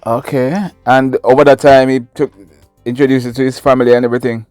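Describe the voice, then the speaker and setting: A man's voice: mid-range voice, fairly even intonation, fairly quick, a little mellow, no room sound, soft background music. A man hosting an interview, asking questions hesitantly and repeating words as he goes. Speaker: interviewer, channel host.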